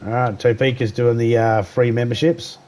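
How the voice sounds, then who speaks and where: A man's voice: medium pitch, fairly even intonation, moderate pace, darkish tone. A man with an Australian accent chatting casually on a live game stream, greeting viewers by name and cracking crude jokes. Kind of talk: casual live-stream chat over gameplay.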